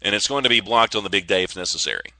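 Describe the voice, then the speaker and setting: A man's voice: on the low side, very fast, pushed and bright, no room sound. A man hosting a casual solo podcast, rambling and joking with frequent stammers and restarts. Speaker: podcast host.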